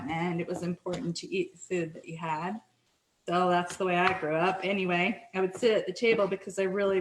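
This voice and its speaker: A woman's voice: lowish voice, a bit bright, echoey room, a little hiss or hum, poor audio. A middle-aged Canadian woman hosting a casual cooking show from her kitchen, chatty and self-deprecating, apologizing often as she works. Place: home kitchen.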